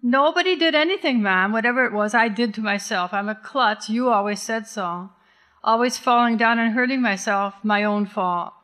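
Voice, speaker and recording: A woman voicing an angry, defensive fourteen-year-old girl who talks back shrill and scornful. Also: moderate pace, fairly bright tone, natural voice.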